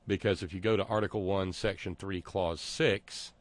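A man's voice: deep voice, steady tone, normal speed. A man talking through a casual monologue, sarcastic and digressive, often stopping to restart his sentences.

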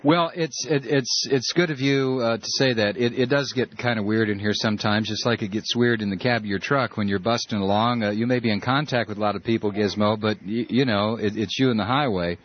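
Husky-voiced ranting radio host, a man. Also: lowish voice, fairly even intonation, brisk, hardly any pauses. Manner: impassioned, ranting, many restarts. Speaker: radio talk show host. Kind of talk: call-in radio talk. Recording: muffled lo-fi broadcast audio.

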